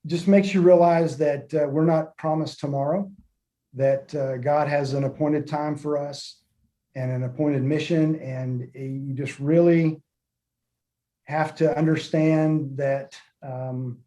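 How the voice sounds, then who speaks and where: Earnest middle-aged man, mellow voice. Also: on the high side, steady tone. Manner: earnest, measured, with frequent fillers and restarts. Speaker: podcast guest, former military pilot. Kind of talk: reflective interview talk.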